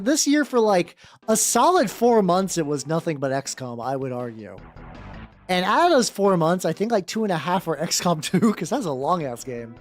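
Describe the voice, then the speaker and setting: A streamer talking casually over a live game stream, voice bouncing up and down with lots of life. The talk is loose and rambling, broken up by quick hellos to viewers by name. Soft background music plays faintly underneath. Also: mid-range voice. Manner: chatty, greets viewers by name between rambling anecdotes.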